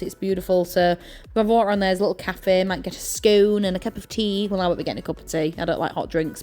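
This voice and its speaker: Chatty East Yorkshire woman with soft music. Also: mid-range voice. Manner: chatty and rambling, many fillers and self-corrections. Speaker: journaling vlogger. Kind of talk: casual chat to camera while crafting. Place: at home.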